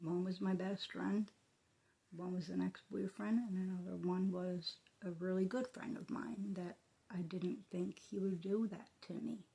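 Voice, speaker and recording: Soft-spoken raspy woman telling a personal story. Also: lowish voice, steady tone. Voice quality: often breathy whisper. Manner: halting, emotional, soft-spoken. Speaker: vlogger.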